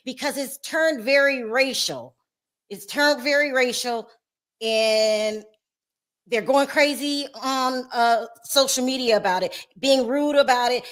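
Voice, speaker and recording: Chatty laughing woman host. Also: on the high side. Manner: chatty, laughs often, trails off. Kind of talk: casual chat.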